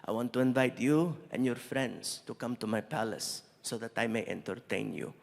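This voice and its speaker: A man voicing a young prince who speaks slowly and formally, with gracious calm. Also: creaky, natural voice. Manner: slow, formal, deep and measured. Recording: reverberant venue, faint noise.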